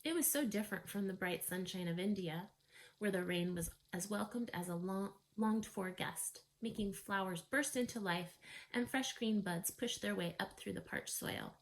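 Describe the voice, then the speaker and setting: A woman reading a children's novel aloud in a calm, even storytelling manner. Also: mid-range voice, normal speed, rough recording.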